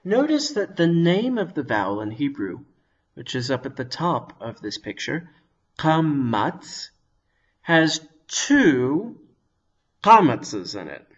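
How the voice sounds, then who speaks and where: A man teaching a language lesson, explaining each sound patiently and pronouncing examples slowly and carefully. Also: on the high side, very animated.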